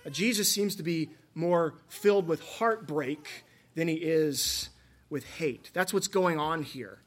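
A man's voice: on the high side, takes it slowly. A man preaching a sermon, earnest and conversational, with asides and rhetorical questions to the congregation. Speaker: pastor.

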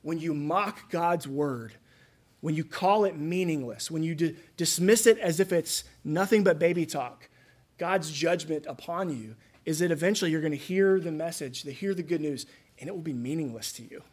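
A man's voice: a little high, normal speed, a little mellow. A man preaching a sermon in a conversational way, acting out the voices he quotes. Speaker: pastor.

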